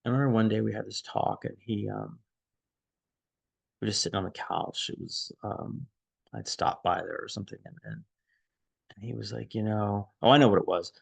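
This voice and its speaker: A man casually recalling a friendship, quiet and reflective, halting with many restarts and fillers, audibly emotional. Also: lowish voice, vocal fry, breathy edge, no echo. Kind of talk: casual personal storytelling.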